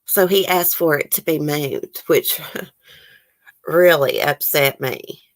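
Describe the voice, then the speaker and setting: Woman with a low voice, near tears, casual livestream chat, sighing, dry close sound. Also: takes it slowly, dry recording. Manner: emotional, tearful, sighing, talks to chat. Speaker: true crime channel host. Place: home, near the case area.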